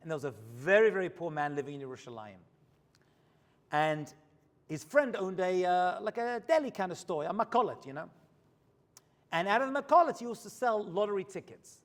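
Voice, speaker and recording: A man preaching a storytelling sermon as a rabbi in a synagogue, swinging from hushed asides to loud high points. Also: animated, fairly quick, big-room sound.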